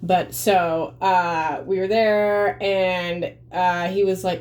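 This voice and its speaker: A woman's voice: lowish voice, fairly even intonation, slow, few pauses, darkish tone, a little hiss or hum. A woman vlogging to camera in a blunt, profane, emphatic way, rambling with fillers. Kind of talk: casual monologue to camera.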